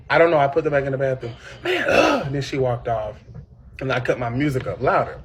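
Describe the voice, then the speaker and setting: A man co-hosting a casual chat, telling a story in an animated way and jumping up in pitch to act out shouting. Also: fast. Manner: animated storyteller, jumps high and loud when acting out shouting. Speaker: podcast co-host.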